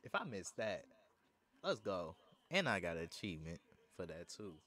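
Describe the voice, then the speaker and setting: A man's voice: very animated, moderate pace. Hyped man commentating his game. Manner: hyped, shouting bursts between low muttering. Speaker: gaming streamer. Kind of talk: excited live commentary over gameplay.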